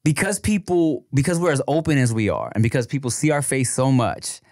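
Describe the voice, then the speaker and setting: A man's voice: mid-range voice, animated, a little fast, a little mellow, no room sound. A man co-hosting a podcast in casual chat, talking laid-back and full of slang, laughing often, on a studio mic. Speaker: podcast co-host.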